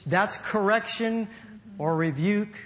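A man preaching a sermon in an animated, playful way, acting out little quotes as he goes. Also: high-pitched, slow pace. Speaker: pastor.

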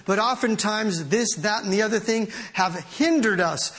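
A man preaching a sermon as pastor, animated and often laughing as he reads scripture aloud. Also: sits high, normal speed.

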